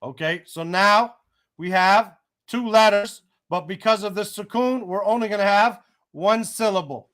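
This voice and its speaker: A man's voice: high-pitched, fairly bright tone. A man teaching an Arabic reading lesson one-on-one in a patient, encouraging way. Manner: patient, encouraging, slow and careful.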